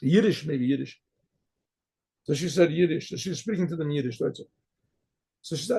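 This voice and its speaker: A rabbi telling a story in a conversational sermon, often clearing his throat and restarting his sentences. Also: on the high side, normal speed, long pauses, dark tone.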